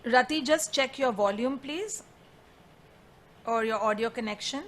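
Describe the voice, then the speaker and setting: A woman hosting an online spiritual gathering, reading a devotional story aloud in a measured, earnest way and introducing the next participants over a video call. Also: fairly high pitch, slight background noise. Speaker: satsang host.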